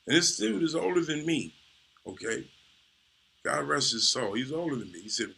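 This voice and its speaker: A man's voice: a little high, lively intonation, moderate pace, creaky, bright, forceful tone, breathy edge. A man, a comedian, telling a profane, laid-back story full of "you know"s. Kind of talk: casual storytelling.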